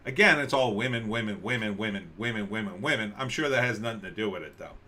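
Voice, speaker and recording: A man's voice: on the low side, fast talker, sharp tone. A man hosting a casual livestream, commenting on news with sarcasm and rambling restarts. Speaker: livestream host.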